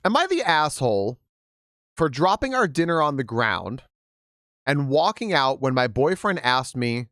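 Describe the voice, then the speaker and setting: A man's voice: medium pitch, very animated, measured pace, fairly bright tone, no room sound, studio quality. A male game streamer chatting casually and reading stories aloud to his viewers, candid and profane, with laughing asides.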